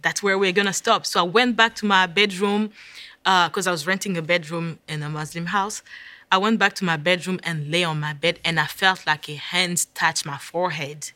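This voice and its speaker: A woman's voice: lowish voice, fairly even intonation, moderate pace, sharp tone, no room sound. A woman telling her personal faith testimony in an intense, emotional way. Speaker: speaker sharing a testimony.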